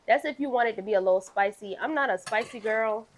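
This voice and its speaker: A woman's voice: a little high, fast, a little hiss or hum. A young woman, casually hosting a cooking show and chatting through the ingredients. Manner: chatty and playful, walks viewers through ingredients.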